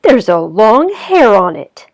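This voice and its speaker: A woman doing a big gruff daddy bear. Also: on the low side, moderate pace, a little mellow, lightly acted. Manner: growling, grumbling.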